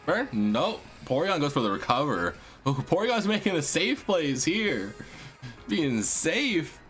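A man hosting a video game let's play, excitable and slangy, cursing and talking to his viewers. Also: a little high, unhurried, soft background music. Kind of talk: casual gameplay commentary.

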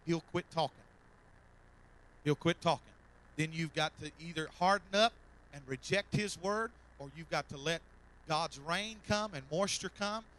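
A man preaches from a church platform, his voice bright and forceful and pitched a bit high. He builds to fervent loud calls, then drops soft and repeats his lines. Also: poor audio. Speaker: pastor. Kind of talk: sermon. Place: church sanctuary.

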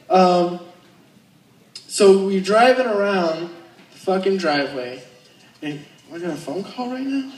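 A man's voice: sits high, lively intonation, slow. A young man from Alaska doing his first stand-up set, nervous and self-deprecating, telling crude jokes. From Alaska, United States. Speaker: stand-up comedian. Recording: echoey room, voice far off.

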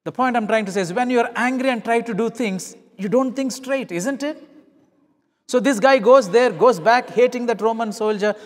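A man's voice: extremely high pitch, normal speed, in a large hall. A middle-aged male pastor preaching a sermon, telling stories and acting out the dialogue in changing voices. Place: church.

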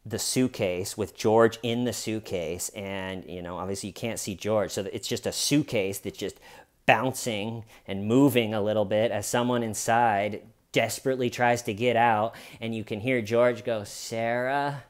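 A man's voice: lowish voice, steady tone, normal speed. A man recapping a true crime case in a chatty, casual way, often restarting and adding asides.

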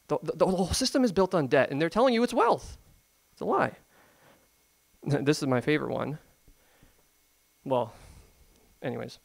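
Male pastor, conversational sermon delivery, emphatic, fairly high voice. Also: lively intonation, moderate pace, gravelly, long pauses. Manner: conversational, emphatic, rhetorical questions.

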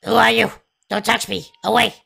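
Woman voicing a frail, muddled old mother, fretful and quavering, raspy gravel in the voice. Game dialogue read aloud. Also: medium pitch, level tone, moderate pace, pushed and bright, voice pushed up, full character voice. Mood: frightened.

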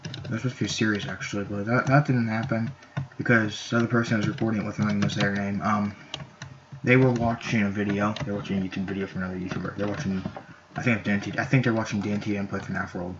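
A man giving excitable, rambling commentary while playing a video game, shouting at the game now and then. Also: on the low side, fast, background noise. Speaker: gameplay YouTuber. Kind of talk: casual gameplay commentary. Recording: lo-fi mic with keyboard clicks.

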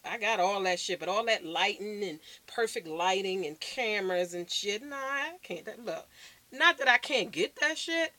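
A woman's voice: medium pitch, expressive, moderate pace, sharp tone. A woman vlogger ranting bluntly and profanely to camera, recorded on her phone. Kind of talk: unscripted rant to camera.

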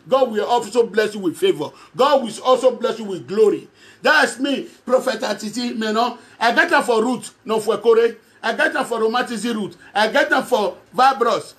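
A man's voice: very high-pitched, a bit bright. A man from Edo State speaking Nigerian Pidgin with an Edo accent, addressing followers in a rambling, repetitive monologue and chuckling often. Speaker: self-styled prophet addressing followers. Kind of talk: direct-to-camera monologue.

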